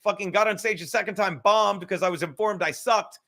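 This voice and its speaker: A man hosting a casual livestream podcast, talking in a rambling, animated way full of swearing. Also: high-pitched, a little fast, gravelly. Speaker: podcast host.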